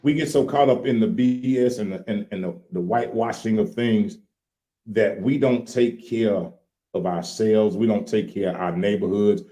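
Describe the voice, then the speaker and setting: A man, co-hosting a casual chat in a folksy, animated way. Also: on the low side, normal speed. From Louisiana. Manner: animated, repeats "look here", folksy. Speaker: co-host.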